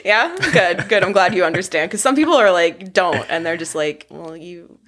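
Animated, giggly young woman storyteller. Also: lowish voice, a little fast. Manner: animated, laughs often, acts out quotes. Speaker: podcast guest. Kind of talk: casual storytelling chat.

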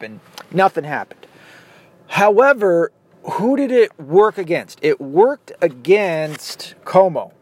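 A man's voice: fairly high pitch, expressive, moderate pace. A man hosting a podcast, ranting casually in a blunt, profane, opinionated way. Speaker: podcast host.

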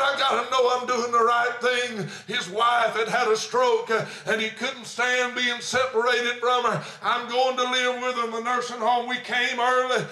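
A man, a pastor telling a story in a sermon, preaching fervently and rising into shouts, with many "uh" fillers. He is recorded in an echoey church sanctuary. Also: very high-pitched, flat delivery, moderate pace, few pauses.

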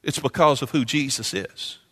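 A man preaching a sermon, impassioned and repetitive, climbing into sung, chanting peaks before dropping low. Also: fairly even intonation, moderate pace, bright, forceful tone, breathy edge. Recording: long hall reverb.

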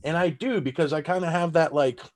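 Here a Southern-accented stand-up from Texas talks briskly in a slightly high voice. He's chatting casually on a podcast, laughing often, swearing, and rambling with plenty of fillers.

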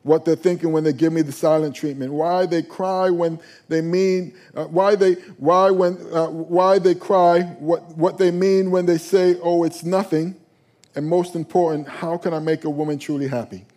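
A man's voice: on the high side, fairly even intonation, moderate pace, mellow, close to an everyday voice. A man voicing a stressed man in a joke who pleads and rambles as he asks God for a wish. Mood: pleading.

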